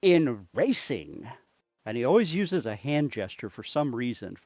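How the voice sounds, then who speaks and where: A man's voice: medium pitch, big pitch swings, brisk, a little mellow, no room sound, lo-fi sound. A man playing a tabletop game, making grandiose proclamations in character. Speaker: player.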